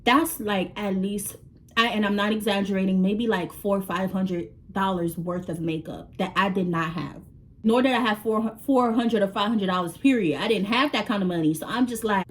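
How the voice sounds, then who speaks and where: A woman's voice: mid-range voice, normal speed. A young woman telling a story on a casual vlog, swearing freely and acting out the dialogue. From New York. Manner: animated, swears freely, acts out quoted dialogue. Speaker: vlogger.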